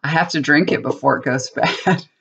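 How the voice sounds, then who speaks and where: A woman's voice: deep voice, moderate pace, gravelly, a bit bright, breathy edge. Chatty middle-aged woman, dull audio. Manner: chatty, rambling, laughs often. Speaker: tarot reader. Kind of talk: casual chat to viewers.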